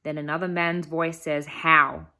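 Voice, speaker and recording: Young woman vlogger, slightly low voice, unhurried and earnest, for a voice-over. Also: lively intonation, fairly bright tone. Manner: earnest, emphatic retelling. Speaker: travel vlogger. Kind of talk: vlog voice-over storytelling.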